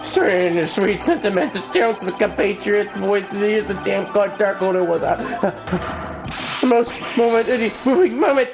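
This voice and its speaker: Man doing a shrill theatrical young poet. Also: normal speed, poor audio. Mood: gushing. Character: excitable eccentric young male poet prisoner. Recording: game music behind.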